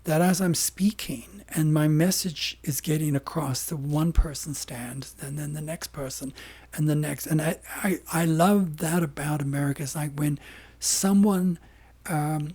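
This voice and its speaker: Hoarse man with a mellow voice. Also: a little high, unhurried. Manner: emphatic, rambling with many restarts. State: hoarse, losing his voice. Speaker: guest. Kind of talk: casual interview talk.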